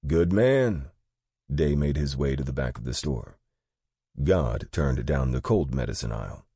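Deep husky guy reading an audiobook, steady, dry close sound. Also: normal speed, dry recording. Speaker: narrator. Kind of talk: audiobook narration.

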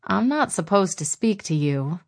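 A woman's voice: medium pitch, very animated, measured pace, gravelly. A woman voicing a spirited, restless young woman in an audiobook. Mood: dutiful.

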